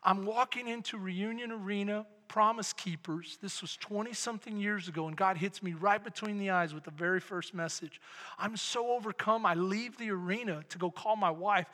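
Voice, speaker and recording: A middle-aged man preaching a sermon as pastor, building from quiet storytelling to loud shouted preaching. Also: high-pitched, normal speed. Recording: long hall reverb.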